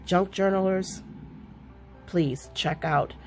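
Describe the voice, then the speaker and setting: A woman chatting casually to her viewers, gushing and excitable, often repeating herself as she talks. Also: on the low side, slow pace, faint music behind. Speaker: crafting vlogger.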